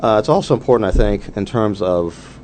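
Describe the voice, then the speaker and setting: A man's voice: lowish voice, animated, a little fast, darkish tone, a little hiss or hum. A man speaking as a guest in a radio interview, telling anecdotes with lots of "you know" fillers.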